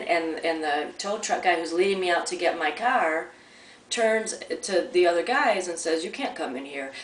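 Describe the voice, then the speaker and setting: A woman casually telling a personal story at home in a chatty, rambling way, often restarting her sentences. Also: on the low side. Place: at home, near a coffee maker. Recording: roomy sound from a distant mic.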